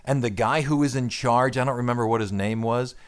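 Male radio host, mid-pitched, wry, rambling studio chat. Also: brisk. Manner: chatty, wry, tangent-prone.

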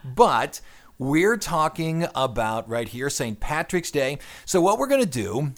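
A man's voice: a little high, big pitch swings, measured pace. Chatty man hosting a radio show. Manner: chatty, wry, tangent-prone. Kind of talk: casual radio chat. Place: radio studio.

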